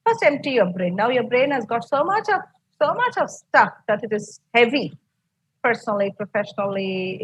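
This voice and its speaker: Encouraging Indian English teacher, breathy. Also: female voice, fairly high pitch, dry recording, lo-fi sound. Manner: encouraging, explains step by step, many fillers. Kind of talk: online class lecture.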